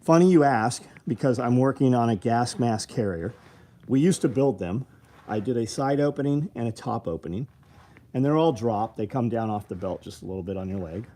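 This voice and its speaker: A man's voice: medium pitch, animated, normal speed, warm tone. A man hosting a casual livestream about gear, talking bluntly with lots of swearing and angry rants. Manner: profane, blunt, swings between rambling and angry ranting. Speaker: livestream host selling tactical gear.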